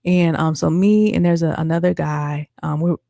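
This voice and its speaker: Gravelly-voiced woman telling a story. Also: low-pitched, fairly even intonation, moderate pace, mellow, no room sound, studio quality. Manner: chatty, addresses listeners as y'all, many fillers. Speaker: podcast host. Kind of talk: casual storytelling monologue.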